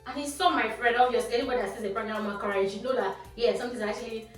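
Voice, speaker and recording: A young woman with a Nigerian accent telling a storytime vlog in a lively, animated way, dropping Pidgin phrases. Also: on the high side, racing. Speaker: vlogger. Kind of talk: casual storytime. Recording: echoey room, voice from a distance, faint music.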